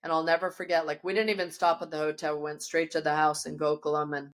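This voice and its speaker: Yoga teacher lady chatting on a podcast, kinda low voice, animated storytelling. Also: fast talker. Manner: animated storyteller with many restarts and laughs. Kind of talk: casual storytelling interview. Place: her yoga studio.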